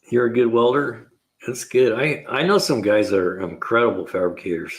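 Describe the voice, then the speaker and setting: An older man, a retired mechanic who hosts a car repair show, tells rambling shop stories casually, chuckling and acting out his own lines. His voice is mid-range at a moderate pace.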